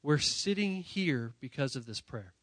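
A man preaching a sermon to young people in a church, talking while sick, emphatic and direct, often repeating phrases and swinging from loud to quiet. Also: medium pitch, lively intonation, measured pace, no room sound. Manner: emphatic, rising to near-shouting then dropping quiet; repetitive, direct address to the audience. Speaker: youth pastor.

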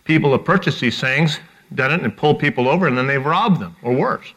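A middle-aged man preaching a sermon, animated and repeating words as he acts out the people he quotes. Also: medium pitch, brisk. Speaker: pastor.

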